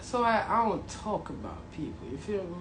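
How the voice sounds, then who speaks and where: A woman with a Jamaican accent ranting casually and profanely to her viewers, half joking, turning from mumbled apologies to loud outbursts. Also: on the low side, big pitch swings, moderate pace. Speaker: vlogger. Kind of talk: casual comedic rant to viewers. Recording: roomy echo, faint background noise.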